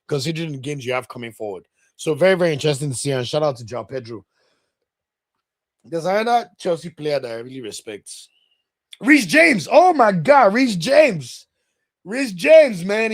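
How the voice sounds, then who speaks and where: A Nigerian man hosting a football podcast, talking casually, opinionated and ranting with sudden loud exclamations. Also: a little high, dry recording, clean studio sound. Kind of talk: casual solo football commentary.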